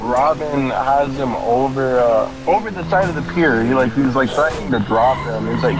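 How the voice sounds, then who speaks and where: A man's voice: medium pitch, normal speed, hardly any pauses, loud music behind the voice, rough recording. A man giving casual gaming commentary, rambling through a story with lots of swearing. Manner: rambling, swears a lot, frequent laughs.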